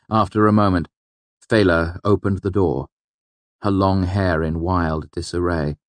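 A man with a very low voice narrates a novel in a measured, tense manner. The reading is close and dry, with no room around it. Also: no echo. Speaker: audiobook narrator. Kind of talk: scripted narration.

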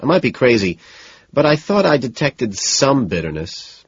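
A man's voice: medium pitch, very animated, husky, no echo, muffled recording, voice pushed up. A man raising his voice for a frazzled, nervous young man. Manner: nervous, rushed, breathless.

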